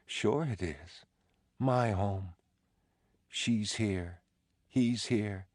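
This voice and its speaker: A man reading aloud, voicing a ghostly dead wife in a soft, hushed, pleading way. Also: lowish voice, drawn-out words, dry recording, clean studio sound, pitched above the performer's own voice. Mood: insistent. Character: ghostly dead wife, woman, haunting and insistent.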